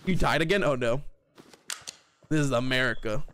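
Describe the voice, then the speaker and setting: A man's voice: mid-range voice, moderate pace, a little hiss or hum. A man streaming a horror game, talking to his chat and shrieking whenever something scares him. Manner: excitable, shrieks when scared. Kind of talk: live gameplay commentary.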